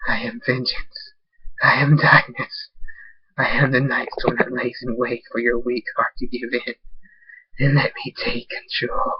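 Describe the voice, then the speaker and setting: A man voicing a cruel vengeful male darkness creature, speaking slowly and menacingly with a husky voice, at times in a hissed whisper. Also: medium pitch, flat delivery. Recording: dull dry lo-fi recording.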